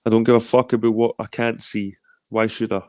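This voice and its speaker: A man's voice: fairly low pitch, little pitch movement, a little fast, a little mellow, no echo. A Scottish man of around forty hosting a casual livestream, rambling, swearing freely and greeting viewers as he reads their comments. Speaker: livestream host.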